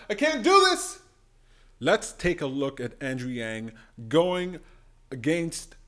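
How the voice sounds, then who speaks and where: A man vlogger giving excited, gushing commentary on debate clips, often mimicking the people he talks about. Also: fairly high pitch. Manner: animated and gushing, mimicking voices.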